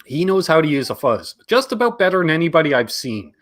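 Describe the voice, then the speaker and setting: Canadian man as a live-stream host, lively up-and-down delivery, jokey and animated. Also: a little high. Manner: animated, jokey, quick asides. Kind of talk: casual live-stream chat.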